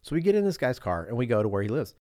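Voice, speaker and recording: A man's voice: mid-range voice, very animated, very fast, dark tone, no room sound, clean studio sound. A man in his thirties, a podcast co-host, telling a travel story in casual chat and slipping into voices of the people in it.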